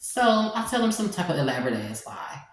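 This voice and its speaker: A woman telling a personal story in a casual vlog, animated and sassy, talking straight to her viewers. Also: on the low side, fairly quick. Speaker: storytime vlogger. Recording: very echoey room.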